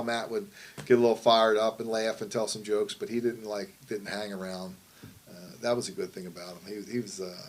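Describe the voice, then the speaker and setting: A man's voice: lowish voice, poor audio. A middle-aged man telling wrestling stories in a casual interview, rambling and profane, often asking "you know what I mean". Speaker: wrestling promoter.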